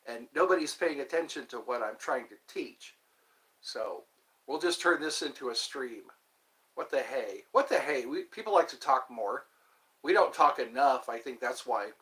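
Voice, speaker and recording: Man, livestream monologue, rambling, wry, self-mocking, bright voice. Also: mid-range voice, expressive, moderate pace, low-quality recording.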